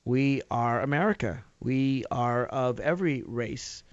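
Smooth and unhurried, a medium-pitched man from Nashville, Tennessee, argues his case on his opinion talk radio show, leaning on rhetorical questions and emphatic rises. There's no room sound, and the highs are cut off.

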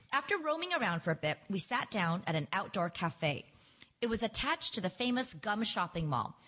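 A woman reads aloud from her own memoir in a live reading. Her husky voice is very lively in pitch, and her delivery is wry and expressive.

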